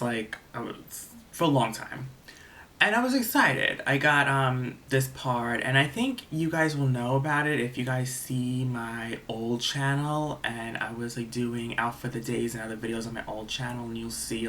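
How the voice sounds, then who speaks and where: A man's voice: mid-range voice, bright, forceful tone. A man in his twenties telling a storytime vlog, rambling with many fillers and restarts and swearing freely. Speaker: vlogger.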